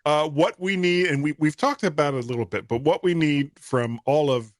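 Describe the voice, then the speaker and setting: A man's voice: on the high side, normal speed, dry recording, clean studio sound. A man hosting a podcast in casual chat, loose and rambling as he explains. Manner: relaxed, rambling with restarts. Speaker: podcast host.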